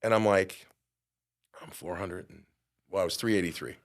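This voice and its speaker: Middle-aged male guest, lowish voice, animated storyteller who acts out the quotes. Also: moderate pace. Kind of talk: storytelling in a podcast interview.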